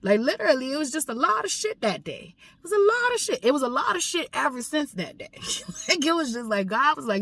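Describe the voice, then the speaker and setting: A woman's voice: fairly high pitch, expressive, normal speed, a bit bright, no echo. Raw, swearing woman telling a painful story. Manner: raw, profane, repeats herself for emphasis. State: emotional, grieving. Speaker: vlogger. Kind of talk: personal storytime vlog.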